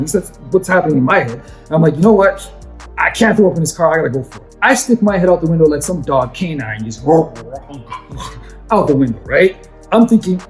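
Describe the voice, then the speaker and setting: A young man telling a story in casual chat, animated and acting out his friends' voices. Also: on the high side. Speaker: vlogger. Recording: echoey room with faint music.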